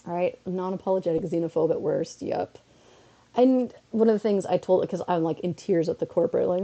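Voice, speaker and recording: A woman's voice: fairly low pitch, vocal fry, lo-fi sound. A woman streamer from North America telling a story in a casual way, slipping into quoted voices as she goes, a bit under the weather. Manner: animated storytelling with quick switches into quoted voices.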